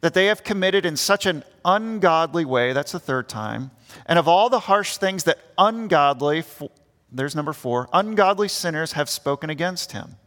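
A man's voice: a little high, animated, moderate pace, fairly bright tone. A young man preaching an earnest sermon as pastor, acting out the grumbling voices he quotes. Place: church. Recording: long church reverb.

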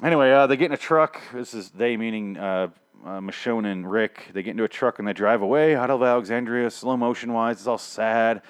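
A man's voice: medium pitch, fairly quick, clean tone. A man hosting a casual TV review podcast, rambling and swearing freely, often stammering and restarting his sentences.

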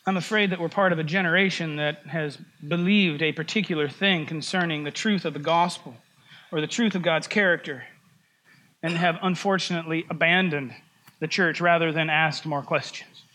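A man preaching a sermon in a relaxed, conversational way, joking and laughing at himself as he goes. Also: on the high side, normal speed. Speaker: pastor.

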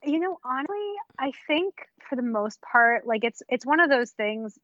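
A woman's voice: high-pitched, lively intonation, moderate pace, a bit bright, no room sound. A young adult woman, a guest analyst, chatting casually with sardonic, self-deprecating jokes. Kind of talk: casual chat. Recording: dull lo-fi mic.

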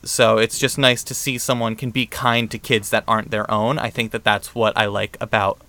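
A man's voice: mid-range voice, pushed and bright, clean tone. A young man in casual chat, speaking earnestly and a little hesitantly.

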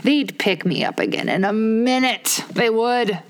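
A pompous, touchy egg-man holds forth from his wall, drawing out his words in a slow, haughty, raised voice, as a woman reader puts him on. He lectures rather than talks, leaning hard on each grand phrase. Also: fairly high pitch, voice pushed up, natural voice. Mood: lofty.

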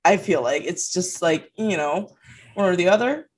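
A woman's voice: lowish voice, animated, moderate pace. Giggly woman co-hosting a podcast. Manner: giggly and teasing, laughs often. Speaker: podcast co-host. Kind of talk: casual chat.

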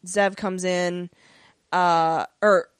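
A woman's voice: on the low side, flat delivery, drawn-out words, clear, resonant tone, no echo, clean studio sound. Rambling woman recapping a TV episode. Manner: rambling, many fillers, acts out character lines. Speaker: podcast co-host. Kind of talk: casual episode recap chat.

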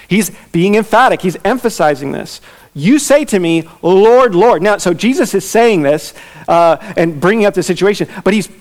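A man preaching an expository sermon, emphatic and repeating his key lines. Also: high-pitched. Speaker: pastor.

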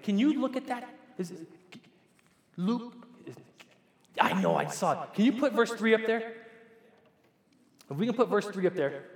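A pastor in his forties preaches in a church sanctuary, speaking conversationally and asking the congregation questions directly. His high voice has a sing-song lilt, unhurried and full of pauses. The hall echoes with long reverb.

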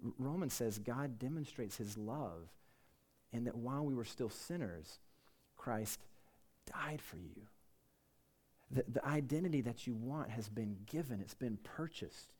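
A man's voice: medium pitch, normal speed, darkish tone. A male pastor delivers a casual, conversational sermon to a room of students. He is earnest but informal, and he pokes fun at himself as he goes. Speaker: campus pastor.

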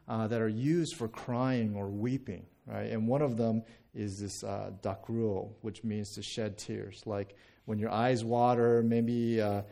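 A man in his thirties, a US pastor with a medium-pitched, dark-toned voice, preaches a sermon conversationally. He often repeats words and checks in with listeners by asking "right?"

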